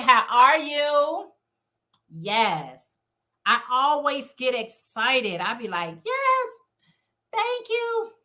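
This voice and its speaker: A chatty, encouraging woman hosts a casual livestream and talks straight to her viewers. Her voice is bright and forceful, set a little high for a woman. She keeps a relaxed conversational flow while she reads out their comments. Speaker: livestream host. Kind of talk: casual live-stream chat with viewers.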